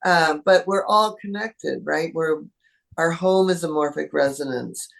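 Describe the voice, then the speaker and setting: Woman with a bit of fry, chatting animatedly as an interview guest. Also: low voice, unhurried. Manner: animated, acts out animal thoughts in voices. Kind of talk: conversational interview.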